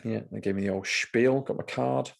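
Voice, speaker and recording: A man's voice: medium pitch, moderate pace, gravelly, noisy background. A man co-hosting a podcast, chatting casually and telling jokey stories where he acts out what others said. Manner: jokey storytelling, acts out dialogue. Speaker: podcast co-host. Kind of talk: casual chat.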